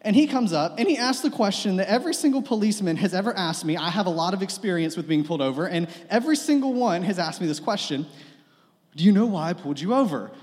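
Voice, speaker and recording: A young man preaching a sermon, telling a funny personal story in a casual, joking way with lots of fillers. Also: sits high. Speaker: pastor. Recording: long reverb of a hall.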